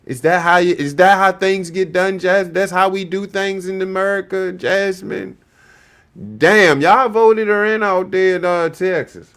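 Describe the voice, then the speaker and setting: A man's voice: high-pitched, steady tone, measured pace, fairly bright tone, clean tone. A man hosting a livestream, heatedly reacting to clips with profane, mocking commentary. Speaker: show host reacting to clips.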